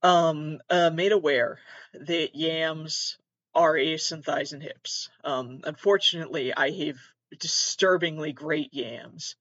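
A man hosting a podcast, ranting in a profane, self-deprecating way, with sudden loud outbursts and mumbled asides. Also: on the high side, slow, no room sound, lo-fi sound. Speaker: podcast host. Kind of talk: comedic rant.

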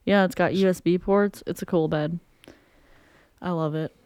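A woman's voice: on the low side, steady tone, normal speed, darkish tone, clear, resonant tone, no room sound. A young woman co-hosting a podcast, telling a story in casual chat and acting out what people said. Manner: chatty storyteller, acts out quotes. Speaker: podcast co-host.

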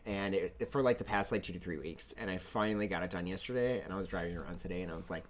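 A man's voice: low voice, rapid-fire, slight background noise. A man co-hosting a casual podcast, chatting playfully and telling stories with laughter. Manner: animated, playful storytelling with laughs. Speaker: podcast co-host. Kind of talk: casual chat.

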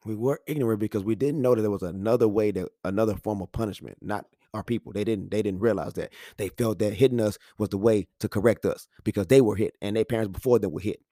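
Man, thirties, lively storyteller on a podcast mic, dry close sound. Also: lowish voice, fast talker, few pauses, no echo. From Houston, Texas. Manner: animated storytelling, acts out voices, laughs often. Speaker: podcast talker. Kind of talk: casual monologue. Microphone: studio microphone.

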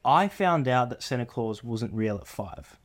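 A man's voice: medium pitch, expressive, unhurried. A man chatting casually on a podcast as co-host, rambling through stories with lots of "you know" and "like.". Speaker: co-host, older brother.

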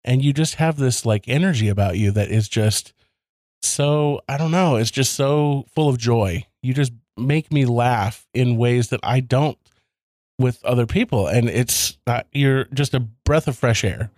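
A man hosting a podcast in casual chat, enthusiastic and quick to laugh. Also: medium pitch, a little mellow, no echo, studio quality. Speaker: podcast host.

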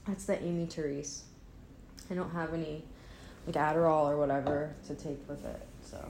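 A woman with a low voice vlogs from her apartment, rambling casually while sleepy and not quite awake, making fun of herself and often trailing off mid-sentence. The room is echoey with faint ambience, and the background is noisy.

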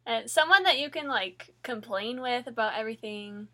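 Woman, bright and slightly high, bubbly casual chatter. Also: moderate pace. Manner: bubbly, laughing while talking. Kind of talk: casual chat.

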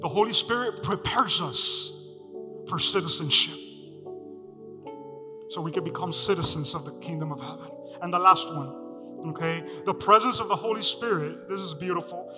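A man's voice: high-pitched, moderate pace. A man preaching a sermon as pastor to a congregation, asking them questions and repeating his key lines. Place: church hall. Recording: music under a hall reverb.

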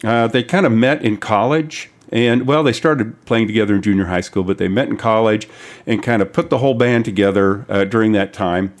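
A man co-hosting a music radio show, chatting casually and haltingly as he introduces a song. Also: lowish voice. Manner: halting, many fillers and restarts.

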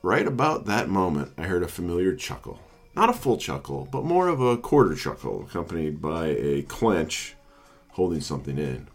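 A man's voice: low-pitched, sing-song, normal speed, soft background music. A man in his thirties, a salesperson, reading a humorous personal essay aloud in a wry, self-mocking way. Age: 30s. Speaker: salesperson and blogger.

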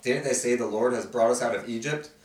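Man, mid-pitch, conversational Bible study host, animated quote reading; distant mic, roomy sound. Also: fairly quick. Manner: conversational, voices the characters' quotes with feeling. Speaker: host reading and explaining scripture. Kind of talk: casual Bible study teaching.

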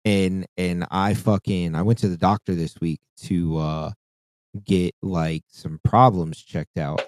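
A man's voice: deep voice, steady tone, slow, darkish tone, dry recording. A man co-hosting a casual podcast chat, talking in a profane, rambling way with frequent restarts. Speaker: podcast co-host.

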